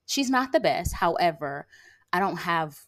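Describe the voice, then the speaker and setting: A woman's voice: fairly low pitch, lively intonation, a little slow, fairly bright tone. A woman hosting her own podcast in a casual monologue, sassy and emphatic, constantly checking in with "okay?" and "like". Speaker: podcast host; lash artist and brow tattooer. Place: rural area.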